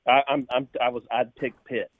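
A man calling in as a guest on a radio sports show, talking in a rapid, self-deprecating way and often stumbling over his words. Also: medium pitch, flat delivery, no room sound. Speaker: guest on call-in. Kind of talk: casual radio chat. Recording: tinny phone line.

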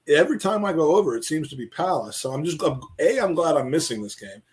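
A man, co-hosting a podcast in casual football chat, rambling and repeating words as he gets animated. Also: on the high side, fast, husky. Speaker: podcast co-host.

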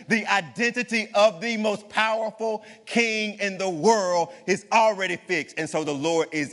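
Male preacher, high pitch, impassioned sermon delivery with emphatic repetition; long hall reverb. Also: a bit bright. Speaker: pastor.

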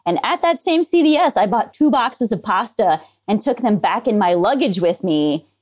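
A woman's voice: medium pitch, expressive, moderate pace, darkish tone. A woman who is a veterinary anesthesia technician, a guest in casual podcast chat, friendly and matter-of-fact, laughing now and then.

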